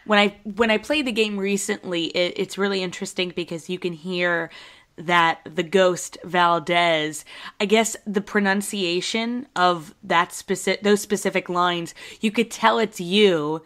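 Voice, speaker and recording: A woman's voice: fairly low pitch, measured pace, a bit bright. A woman hosting a podcast, chatty and asking her guest questions. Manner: chatty, laughs often. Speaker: podcast host. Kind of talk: casual interview chat.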